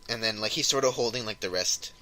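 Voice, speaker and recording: A young man co-hosting a podcast, excitedly retelling a comic story in casual chat, rambling as he goes. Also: on the low side, quick pace, rough recording. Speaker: podcast co-host.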